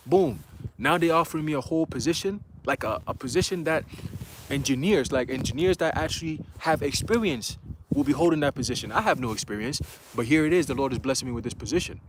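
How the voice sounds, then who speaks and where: Excitable young man giving a church testimony. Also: on the high side, background noise. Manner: casual slangy speech with many "you know" fillers; excitable, acts out quoted voices.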